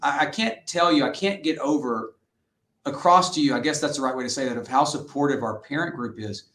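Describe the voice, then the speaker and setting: A middle-aged man coaching high school football talks earnestly through his stories, slipping into the voices of the people he quotes. His voice sits at an ordinary pitch for a man. The recording carries a noticeable room echo. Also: fairly quick. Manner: earnest, animated storyteller who acts out quotes. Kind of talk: interview guest storytelling. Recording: roomy echoey sound.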